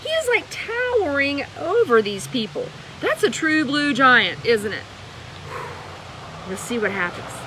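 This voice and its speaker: An animated woman telling a bedtime Bible story. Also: high-pitched, a little slow, background noise. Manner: animated and expressive, with gasps and questions to the audience. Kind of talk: live-streamed bedtime story reading.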